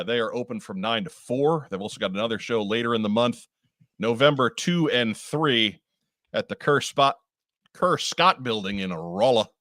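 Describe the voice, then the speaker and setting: A man's voice: mid-range voice, fairly bright tone, dry recording. Male podcast co-host, casual and chatty, reads news, dry close mic. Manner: chatty, many uh fillers. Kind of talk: casual chat.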